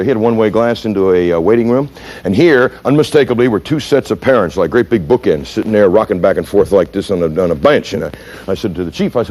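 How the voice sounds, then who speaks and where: A man's voice: on the low side, fast. A man from the United States who trains police, telling stories in a lecture and quizzing his audience. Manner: animated, punchy storyteller who asks the audience questions. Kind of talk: storytelling lecture.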